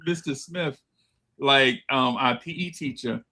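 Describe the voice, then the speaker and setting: A man telling a childhood story in casual chat, animated and acting out voices as he goes. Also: medium pitch, unhurried. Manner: animated, laughing storyteller who acts out voices. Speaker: podcast co-host.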